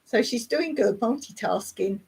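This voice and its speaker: A woman's voice: fairly high pitch, animated, unhurried, gravelly, a little mellow, slightly rough. A middle-aged woman from England with a Surrey accent, hosting a live chat, reading out viewer comments and answering them in a rambling, chatty way with frequent laughs and fillers. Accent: Surrey English. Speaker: YouTube channel host.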